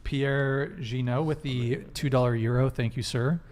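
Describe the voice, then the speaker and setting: A man's voice: mid-range voice, steady tone, a little slow, a little mellow. A young man from Southern California hosting a casual live-stream chat, laid-back and slangy, reading out donation messages. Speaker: host.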